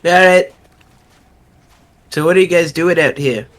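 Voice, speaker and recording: A man playing a character in a tabletop game, cocky and joking, quick to laugh. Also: a little high, a bit bright. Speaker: player.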